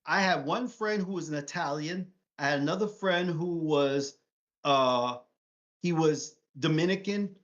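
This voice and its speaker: Unhurried and fairly bright, this man's voice sits on the high side as he co-hosts a casual political chat on a live stream. He's from Brooklyn, New York, talks bluntly and profanely, and mimics the voices of people he quotes; the stream audio is dull and lo-fi.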